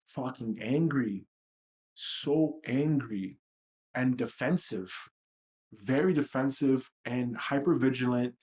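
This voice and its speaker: A man's voice: mid-range voice, slow, a little mellow. A man hosting a livestream, talking in a blunt, profane and self-reflective way. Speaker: livestream host. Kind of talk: candid livestream monologue.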